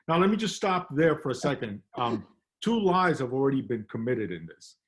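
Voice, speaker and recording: A playwright from Cuba chatting over a video call, wry and self-deprecating. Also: male voice, mid-range voice, very animated, normal speed. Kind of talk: casual video-call chat.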